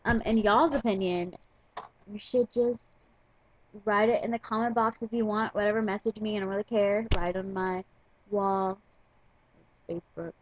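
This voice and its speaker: A woman's voice: mid-range voice, fairly even intonation, normal speed, long pauses, dull audio, a little hiss or hum. A woman vlogger telling a story to her camera in a chatty, casual way, full of fillers and "like". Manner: chatty, filler-heavy retelling with frequent "like".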